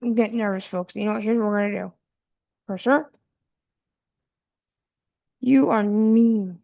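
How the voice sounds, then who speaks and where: Frustrated woman muttering, gravelly voice. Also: medium pitch, fairly even intonation, quick pace, no echo, lo-fi sound. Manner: frustrated muttering to herself and viewers. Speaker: tech vlogger. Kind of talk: casual talk while coding.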